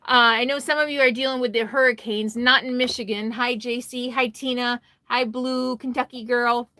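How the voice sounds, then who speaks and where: Holding her phone close, a tired woman hosts a casual RV livestream, chatting, greeting viewers by name, and laughing often. Her voice is slightly high, steady, pushed and bright, at normal speed with no echo.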